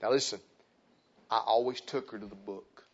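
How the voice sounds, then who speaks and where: A middle-aged man, preaching a sermon in church, dropping to quiet testimony and rising to loud, high exhortation. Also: steady tone, normal speed, breathy edge. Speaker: pastor. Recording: dull lo-fi sound.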